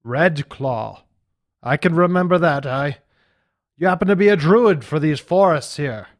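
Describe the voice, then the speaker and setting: A man's voice: on the high side, lively intonation. A man doing a big-voiced city guard. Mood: measured. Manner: big, measured, sizing people up.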